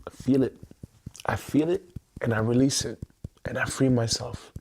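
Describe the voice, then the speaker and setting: A man's voice: medium pitch, moderate pace, a little mellow, a little hiss or hum. A man leading an emotional tapping livestream, speaking in intense, repetitive affirmations with some swearing. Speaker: self-help livestreamer.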